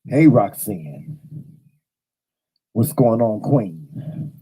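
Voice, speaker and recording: Slow, husky man in his fifties chatting. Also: fairly low pitch, sing-song, mellow, low-quality recording. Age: 50s. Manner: drawling, chatty, greets viewers by name. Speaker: livestream host. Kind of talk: casual chat to a live audience. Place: at home.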